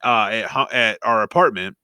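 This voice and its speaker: A young man co-hosting a casual podcast, telling animated stories full of swearing and acted-out quotes. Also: on the low side, normal speed, smooth, no room sound, studio quality. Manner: animated storyteller who swears freely and acts out quotes. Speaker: podcast co-host. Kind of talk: casual chat.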